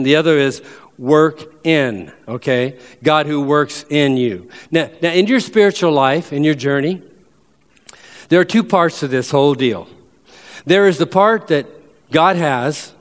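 A man preaching a sermon as pastor, emphatic, and slowing down whenever he reads a verse aloud. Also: a little high, big-room sound. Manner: emphatic preacher who slows down to read verses.

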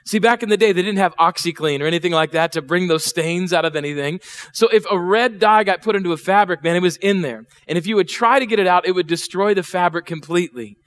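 Man, middle-aged pastor, high voice, conversational sermon. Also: quick pace, fairly bright tone. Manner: conversational, asks the congregation questions, acts out voices. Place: church.

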